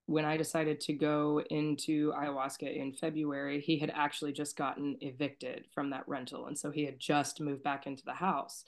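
A woman guest sharing a personal story in a soft-spoken, emotional way, sometimes near tears and trailing off quietly. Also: low-pitched. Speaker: podcast guest.

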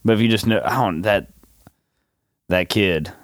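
A man's voice: lowish voice, a little slow, no echo, clean studio sound. A man co-hosting a podcast, chatting in a laid-back, teasing way, a bit tipsy and sleepy. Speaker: podcast co-host. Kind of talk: casual chat.

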